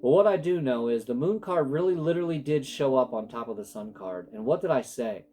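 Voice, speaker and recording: Medium-pitched, expressive and mellow, the man speaks fairly quickly. An adult tarot reader with sons, he gives a casual spiritual reading in an emotional, rambling way, frequently stopping mid-sentence.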